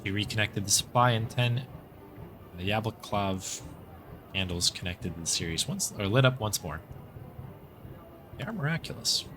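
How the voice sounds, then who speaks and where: A man's voice: on the low side, lively intonation, normal speed, long pauses, noisy background. An American man streaming a story game, reading its narration aloud with casual, chatty asides and thanking viewers.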